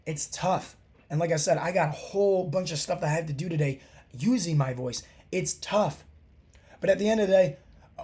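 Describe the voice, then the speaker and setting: A man in his thirties with a hoarse, scratchy voice from a sore throat, hosting a podcast as a fat loss coach and giving an emphatic, preachy motivational monologue that keeps repeating its key phrases. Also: on the high side, a little mellow.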